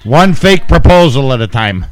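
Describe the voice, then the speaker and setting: A man hosting a casual livestream from home, joking and swearing in an unhurried way. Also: mid-range voice, big pitch swings. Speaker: livestream host.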